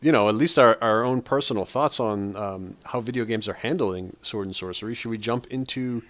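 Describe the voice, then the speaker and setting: A man's voice: fairly low pitch, fairly quick, fairly bright tone, dry recording. A man hosting a casual podcast, steering the talk along with loose restarts. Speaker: podcast host. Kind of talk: casual chat.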